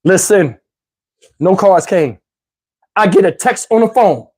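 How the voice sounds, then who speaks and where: A man doing stand-up storytelling, animated and addressing the audience. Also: high-pitched, a little slow, breathy edge. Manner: animated, talks to the audience, mimics voices. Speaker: comedian telling a story.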